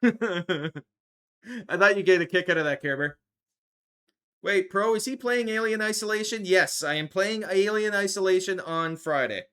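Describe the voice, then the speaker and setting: A man's voice: high voice, normal speed, sharp tone, smooth. A man hosting a live stream, chatting casually with his viewers and laughing often at a desk microphone. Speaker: livestream host.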